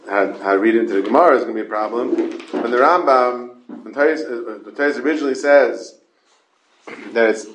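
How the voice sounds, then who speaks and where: A man's voice: medium pitch, a bit bright, a little hiss or hum. Man teaching Talmud in an echoey room. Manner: explains in repeated questions, stressing key words. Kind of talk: Talmud class lecture.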